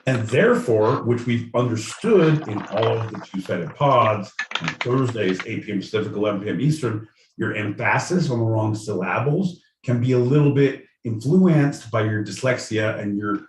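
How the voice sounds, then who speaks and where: A man co-hosting a podcast, riffing in crude, rambling, mock-indignant banter. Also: mid-range voice. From Southern California. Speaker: podcast co-host. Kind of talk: casual comedic banter. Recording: roomy, distant mic with faint noise.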